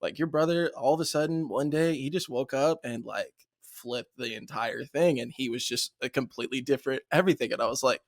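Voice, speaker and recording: A man's voice: medium pitch, brisk, no room sound, studio quality. A young man hosting a podcast, telling stories in casual chat and laughing often. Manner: laughs often, animated storytelling. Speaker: podcast host.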